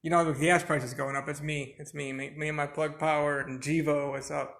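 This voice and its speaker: A man's voice: fairly high pitch, level tone, brisk, fairly bright tone. A man filming a casual live stream on his phone while it rains, talking in a rambling, chatty way and often correcting himself. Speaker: vlogger. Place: outdoors under a balcony in rain.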